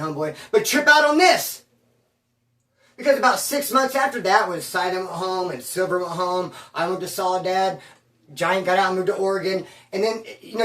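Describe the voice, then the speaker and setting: A man who served time telling prison stories in a casual, slangy, animated streetwise way. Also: high voice, recorded from a distance. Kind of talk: casual storytelling. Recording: roomy sound from away from the mic.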